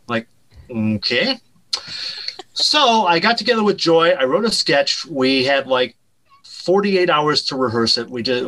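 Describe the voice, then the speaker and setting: A man, a director and writer, telling an animated anecdote as a guest in an interview, dropping his voice at punchlines. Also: a little high, rough recording. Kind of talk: storytelling in a podcast interview.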